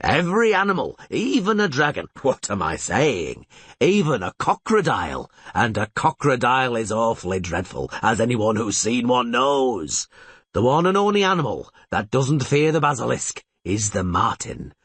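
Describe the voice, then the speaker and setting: A man's voice: mid-range voice, very animated, normal speed, fairly bright tone, slightly rough, no echo, full character voice. A man reading an audiobook and voicing a pockmarked fairground showman who blusters and wheedles at the crowd. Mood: showman patter.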